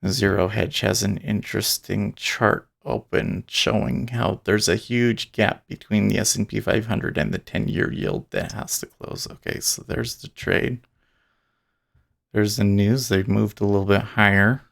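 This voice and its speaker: A man's voice: on the low side, steady tone, unhurried, gravelly, a bit bright. A man talking casually and rambling as he streams his live day trading, often restarting and chuckling. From Utah.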